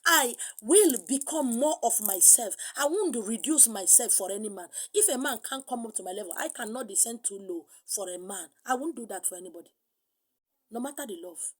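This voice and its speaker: A middle-aged woman with a Nigerian accent preaching a sermon, animated, slipping into pidgin and acting out other voices. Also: on the high side, normal speed, slightly rough. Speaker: spiritual teacher.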